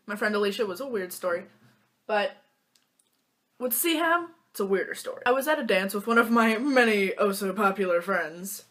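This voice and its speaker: Speaking at a normal speed in a medium-pitched, slightly bright voice, a young woman vlogs casually into her phone from a small lamp-lit room. Her storytelling is playful and full of jokes, with silly impressions of what her friends said.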